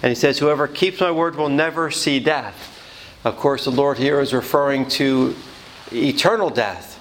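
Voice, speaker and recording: A man's voice: mid-range voice, normal speed, slight background noise, poor audio. Earnest man preaching a homily. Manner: explanatory, earnest, with some restarts.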